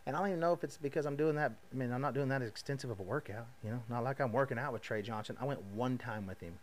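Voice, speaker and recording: Podcast host, male, 30s, casual and animated, plays the voices in his own stories. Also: mid-range voice, rapid-fire, a little hiss or hum. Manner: animated, acts out quoted voices, laughs at himself. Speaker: podcast host, rodeo roper. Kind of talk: casual storytelling monologue.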